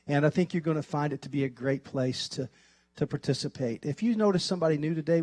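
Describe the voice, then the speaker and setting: A man pastor speaking to his congregation, direct and personal. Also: fairly high pitch. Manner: warm, direct address to the congregation. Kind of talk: sermon.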